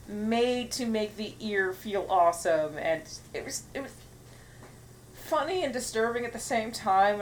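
A woman's voice: mid-range voice, a little hiss or hum, low-quality recording. A woman co-hosting a podcast in casual chat, blunt and sarcastic, swearing casually. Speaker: podcast co-host.

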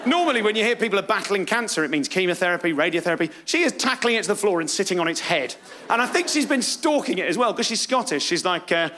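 British stand-up guy, pretty high voice, jokey and self-deprecating, live in a club. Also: fast. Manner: self-mocking, lively, acts out voices. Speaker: stand-up comedian. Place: comedy club stage.

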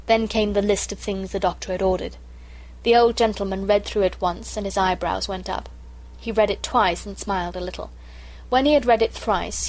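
A woman narrating a classic children's story in a measured, clear storytelling manner. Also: mid-range voice, low-quality recording.

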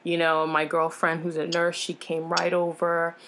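A woman with a somewhat low voice tells a personal story as an interview guest, speaking frankly and with feeling. She talks casually, with plenty of fillers and self-corrections, and her delivery turns animated as she recounts what happened. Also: moderate pace, a little hiss or hum. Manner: animated, acts out others' lines in changed voices; frank, emotional retelling with frequent fillers.

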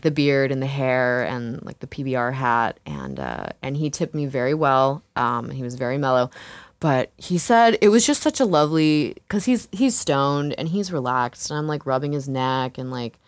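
A woman's voice: a bass voice, animated, moderate pace, dry recording. A woman who works as an exotic dancer, telling a story frankly and casually, swearing, laughing often and filling with "like" and "you know". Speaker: exotic dancer, interview guest.

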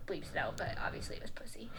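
A young woman co-hosting a podcast, chatting and giggling as she retells a ghost story, dropping to hushed tones and then getting loud. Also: mid-range voice, creaky, low-quality recording. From Canada. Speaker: podcast co-host. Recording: unboosted mic with background chatter.

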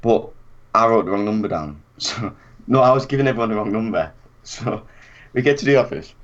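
A young man spins a lively story, voicing everyone he quotes and laughing along as he goes. His voice sits low. The recording sounds dull and lo-fi. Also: brisk. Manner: animated anecdote, acts out quotes, laughs often. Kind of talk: casual chat.

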